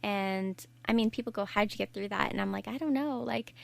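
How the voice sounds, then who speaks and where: A woman's voice: medium pitch, flat delivery, a little fast, vocal fry. A young adult woman, a podcast guest, earnestly telling her own story in candid conversation, often restarting her sentences. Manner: earnest, reflective, frequent restarts. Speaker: podcast guest, life coach.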